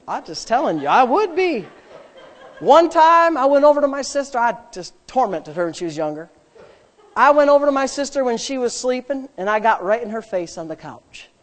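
A man pastor preaching a sermon, animated, swinging between loud and hushed, with humorous personal asides. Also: very high-pitched.

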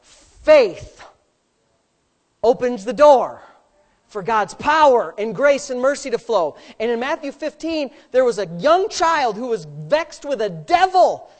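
A woman's voice: on the high side, sing-song, a little slow. A woman preaching a sermon, asking rhetorical questions and adding playful asides.

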